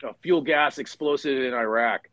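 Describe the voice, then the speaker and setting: A man's voice: medium pitch, normal speed, a bit bright, no room sound, rough recording. A middle-aged man, a retired Marine officer, telling a battle story in casual conversation, full of fillers and restarts.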